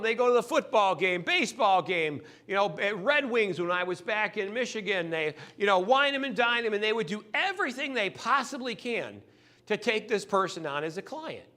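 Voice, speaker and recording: A man giving a sales training talk, animated and acting out customers' lines in quick voices. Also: high-pitched.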